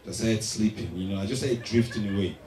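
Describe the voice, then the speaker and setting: A man with a Nigerian accent telling a stand-up story, animated and getting loud on the punchlines. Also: on the low side, quick pace. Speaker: stand-up comedian. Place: large live venue stage. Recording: echoey hall, distant mic, loud crowd.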